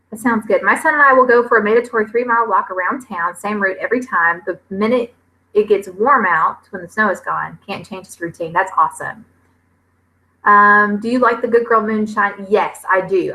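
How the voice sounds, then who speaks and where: A chatty woman, reading viewer comments on a casual livestream. Her voice is bright and forward, and she fills her talk with ums and pauses. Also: medium pitch, poor audio. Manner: chatty, with many fillers and drawn-out pauses. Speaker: homestead vlogger hosting a livestream.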